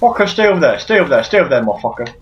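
A man giving let's play commentary while he plays a shooter, swearing constantly and shouting at enemies in frustration. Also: on the high side, sing-song, racing, highs cut off, slight background noise. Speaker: gamer playing through a shooter.

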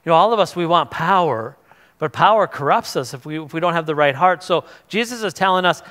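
Animated man preaching in a reverberant church. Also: fairly high pitch, a little fast. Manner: conversational, animated, acts out voices of biblical figures. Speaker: pastor. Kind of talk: sermon. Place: church sanctuary. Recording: long reverb of a church hall.

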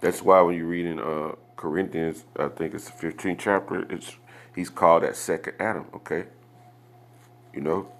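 A man's voice: low voice, fairly even intonation, moderate pace, fairly bright tone. A man teaching a Bible study, reading verses aloud and explaining them, often asking rhetorical questions and checking in with "okay?". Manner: asks rhetorical questions, adds "okay?" after points; reads scripture aloud and explains it.

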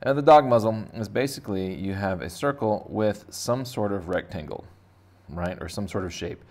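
Deep-voiced man rambling through a drawing lesson. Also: lively intonation, normal speed, a little mellow. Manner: rambling, jokey, thinks aloud while drawing. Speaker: art teacher. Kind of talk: casual drawing lesson for kids.

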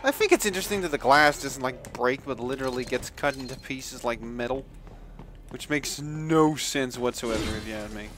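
A man from the Netherlands giving casual commentary while playing a video game, swearing and shouting out loud bursts. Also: mid-range voice, normal speed. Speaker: let's play gamer. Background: game music.

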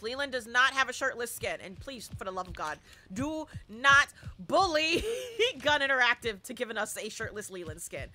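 A woman chatting casually and excitedly on a live gaming stream, talking back to the game and thanking viewers. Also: fairly high pitch, a little hiss or hum.

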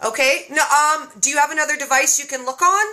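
A woman's voice: high voice, fast, bright, forceful tone. A woman hosting a casual live stream, bubbly and laughing often. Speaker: host.

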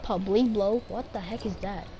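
A woman chatting casually while playing an online game with a teammate, excitable and often pleading or shouting. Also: medium pitch, normal speed, faint music behind. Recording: noisy game audio behind.

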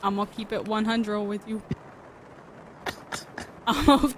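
A woman streaming a shooter game, talking excitedly and swearing at the action. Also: mid-range voice, a little slow, background noise. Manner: swearing, exclaiming, talking over game sounds. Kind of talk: excited gaming chat. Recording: loud music behind the voice.

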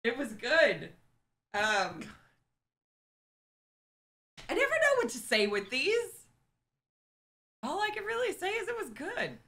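A woman's voice: sits high, wildly swooping pitch, slow, vocal fry, pauses often, pushed and bright. A woman co-hosting a casual reaction video, blunt and teasing. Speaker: co-host.

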